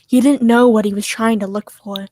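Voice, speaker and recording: A woman reading fan fiction aloud to friends on a stream, steady and soft in the sad parts. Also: a little high, moderate pace, dry recording.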